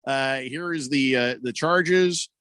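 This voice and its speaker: A man's voice: medium pitch, slow pace, a bit bright, clean tone, no echo. A man hosting a sports radio show in casual, rambling talk, joking around with plenty of fillers on a studio microphone.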